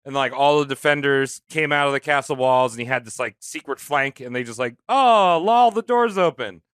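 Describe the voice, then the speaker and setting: A man's voice: mid-range voice, flat delivery, brisk, a bit bright, clear, resonant tone, no room sound, clean studio sound. A man on a comedy podcast telling history in a jokey, slangy way, acting out quotes. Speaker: podcast host.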